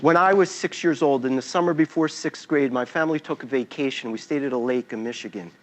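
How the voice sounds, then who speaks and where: A man's voice: mid-range voice, quick pace. A man giving a talk as a storyteller, acting out scenes and sounds as he goes. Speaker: invited speaker.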